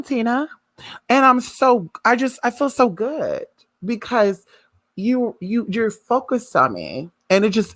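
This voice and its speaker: A sassy woman ranting on a livestream, her voice leaping up and down in a lively, sing-song tease. She talks at an unhurried pace, and the sound is close and dry, with no room echo. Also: medium pitch. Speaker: spiritual reader vlogger. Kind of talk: casual livestream rant.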